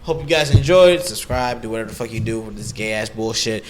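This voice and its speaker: A man hosting a casual podcast, signing off in a slow, laid-back, profane way. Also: lowish voice, echoey room, background noise. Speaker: podcast host.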